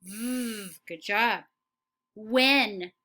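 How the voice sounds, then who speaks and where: A woman teacher leading a phonics lesson for young children, slow and encouraging, saying words for the class to repeat. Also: medium pitch, sharp tone.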